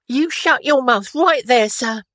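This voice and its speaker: A man's voice: very high voice, a little slow, a bit bright, dry recording, pitched above the performer's own voice. A man reading an audiobook, voicing a bossy young washerwoman who scolds an officer. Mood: scolding. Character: fierce scolding washerwoman, young adult woman.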